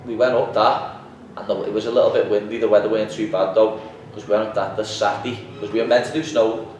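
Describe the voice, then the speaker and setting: A man's voice: lowish voice, quick pace. A young man, chatting casually as a podcast guest and telling stories animatedly, acting out what people said. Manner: animated storytelling, acts out quotes. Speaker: podcast guest, MMA fighter. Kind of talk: casual chat. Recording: echoey room, distant mic, faint noise.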